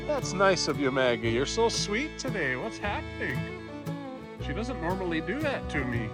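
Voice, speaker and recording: A man's voice: high voice, sing-song, normal speed, loud music behind the voice. A man vlogging on his farm, chatting outdoors by the barn to his cats in a fond pet-talk voice. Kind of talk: casual talk to farm animals.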